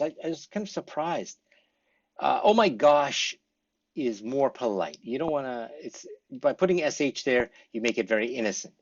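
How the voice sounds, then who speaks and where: A man teaching English conversation to a class, acting out sample responses with lively changes of voice. He has lived in Korea for many years. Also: mid-range voice, highs cut off. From English-speaking foreigner living in Korea. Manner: lively, acts out example responses. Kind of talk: classroom lecture.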